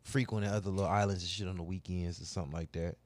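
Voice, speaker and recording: A man's voice: deep voice, fairly even intonation, very fast, darkish tone. A man joking around in casual, crude banter with a friend. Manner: joking, crude banter, breaks into mock Jamaican lines. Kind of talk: casual chat.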